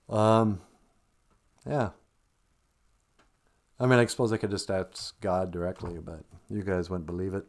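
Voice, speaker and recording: Steady in tone, his low voice moves at a measured pace with frequent pauses. A Minnesota man with an Upper Midwest accent, he hosts a casual livestream where he chuckles, reads viewer comments aloud, and teaches Ojibwe.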